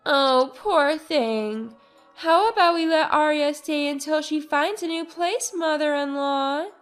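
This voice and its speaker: A woman's voice: sits high, slow pace, soft background music, pitched above the performer's own voice. A woman playing a smug, condescending sister-in-law. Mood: mock pity.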